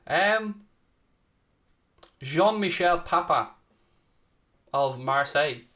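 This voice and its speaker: Bright chatty male stream host. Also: a little high, expressive, very slow. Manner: chatty, answers viewers by name. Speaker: watchalong host. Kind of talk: live stream commentary and chat.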